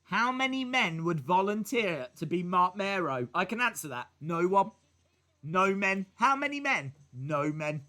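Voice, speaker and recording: A man calls wrestling action live for his stream, joking and breaking into shouts. His voice is high for a man and very bright, and he swings through a wide pitch range while unhurried between outbursts. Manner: excitable, joking, bursts into shouts. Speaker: streamer hosting a wrestling watch-along. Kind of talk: live reaction commentary.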